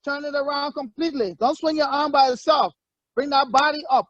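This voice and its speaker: Male fitness coach, very high voice, energetic short commands; muffled lo-fi, dry sound. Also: brisk, no room sound. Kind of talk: leading a workout session.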